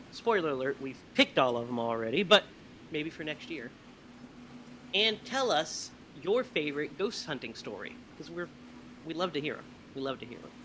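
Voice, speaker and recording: A man hosting a podcast, telling stories in a lively, animated way. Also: on the high side, background noise. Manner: animated storyteller, laughs often. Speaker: podcast host. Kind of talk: casual chat.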